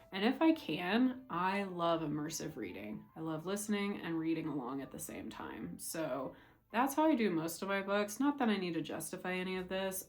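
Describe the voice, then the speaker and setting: A woman chatting casually as a book vlogger, rambling with restarts as she reviews her reads. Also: on the low side.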